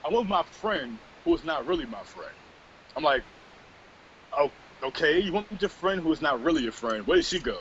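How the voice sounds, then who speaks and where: Lively, bright-voiced man telling a profane story. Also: fairly high pitch, brisk, gravelly, slight background noise. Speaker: podcast co-host. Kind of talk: casual storytelling chat. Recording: dull lo-fi podcast recording.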